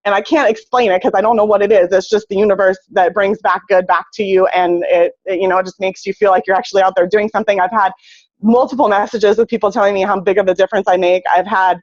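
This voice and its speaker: Excited woman sharing on a dull video call. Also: mid-range voice, quick pace, no echo. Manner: excited, laughing often, animated voice swings. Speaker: team member sharing a testimonial on a group call. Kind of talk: casual testimonial on a video call.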